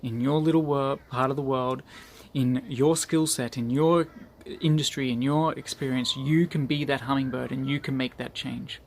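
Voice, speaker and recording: Addressing his group with an earnest motivational message, a man with a mid-range voice speaks at a normal pace with fairly even intonation and hardly pauses. He repeats phrases for emphasis, and there's slight background noise.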